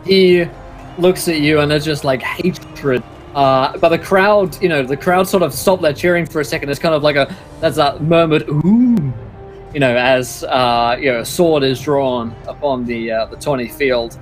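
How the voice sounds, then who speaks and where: A man's voice: a little high, moderate pace, faint music behind. A man narrating a tabletop game as game master, casual with many fillers.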